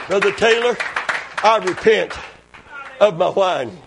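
A man preaching a sermon, dropping to quiet, intimate talk and rising to shouted praise. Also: high voice, animated, normal speed, a crowd in the background, noisy background.

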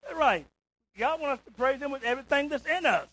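Preacher guy, high voice, dry close sound, keeps asking the church isn't that right, gets loud. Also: lively intonation, fast talker, no echo, low-quality recording. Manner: rises to shouts on emphasis, repeats "isn't that right?". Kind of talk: call-and-response sermon.

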